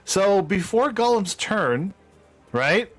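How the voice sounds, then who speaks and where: A man running a tabletop game as game master, telling the scene in a playful, animated way. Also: high-pitched, slow, faint music behind.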